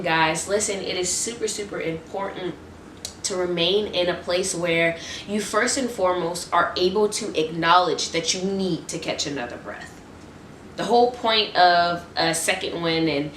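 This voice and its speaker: Excited woman preaching in a roomy echo. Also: lowish voice, a little hiss or hum. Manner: excited, restless exhortation with repeated refrains. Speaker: Christian vlogger. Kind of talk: motivational faith talk. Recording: roomy echo, distant mic.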